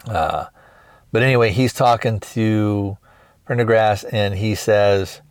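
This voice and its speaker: A man's voice: fairly low pitch, slow, dry recording. A man hosting a podcast, retelling a film plot in a rambling, hesitant way with many restarts. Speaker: podcast host. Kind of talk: casual movie review recap.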